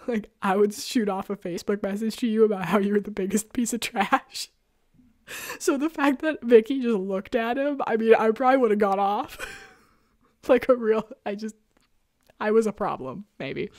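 A young woman in her own show talks through a story at a lively, exasperated clip and breaks into laughter often. Her voice sits in a middle register. The sound is close and dry, with no room around it. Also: mid-range voice, no echo. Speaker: show host. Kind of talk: casual recap chat.

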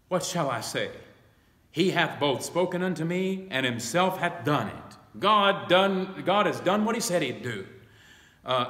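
Slow-preaching pastor in an echoey church. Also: male voice, mid-range voice, a bit bright. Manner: slow, emphatic preaching, reading scripture aloud. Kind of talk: Bible study sermon. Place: church sanctuary.

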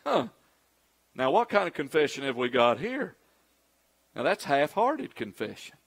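A man's voice: a little high, big pitch swings, measured pace, creaky. A middle-aged man preaching a sermon as pastor, acting out quoted pleas in a raised, pleading voice.

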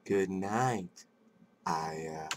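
A man voicing a calm, creepy, possessive father, reading the game dialogue in a soft, low, menacing tone. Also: very slow, noisy background. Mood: eerily gentle.

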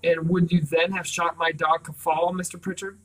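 A man reading aloud, voicing a calm boy with a high, clear and distant voice. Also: moderate pace, lightly acted. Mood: remote. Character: pale-haired boy, calm and remote.

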